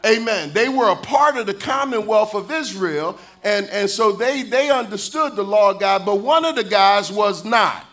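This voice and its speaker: Pastor, male, high bright voice, preaching with call-and-response, rising to shouts and sung lines. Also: expressive, moderate pace, hardly any pauses. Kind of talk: sermon.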